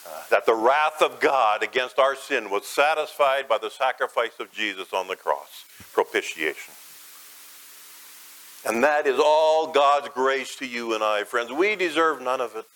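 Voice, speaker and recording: A man's voice: lively intonation, normal speed, hardly any pauses, poor audio. Dramatic male preacher. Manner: dramatic, swells loud and high then drops soft and low. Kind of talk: sermon, guided imagery.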